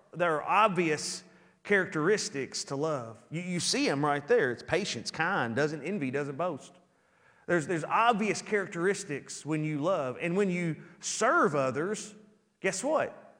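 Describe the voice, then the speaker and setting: A man preaching a sermon as pastor, animated and acting out little everyday scenes in different voices, in a church. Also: sits high, in a large hall. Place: church sanctuary.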